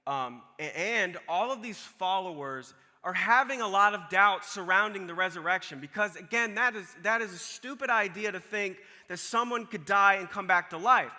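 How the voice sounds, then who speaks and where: A man preaching a sermon, reading scripture and retelling it in a casual, animated way, acting out the people in the story. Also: high voice, big-room sound. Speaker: pastor.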